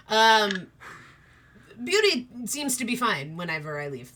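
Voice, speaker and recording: A woman game master narrates a tabletop game in a bright voice. She voices her characters in a warm, motherly way. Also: lowish voice, sing-song, normal speed.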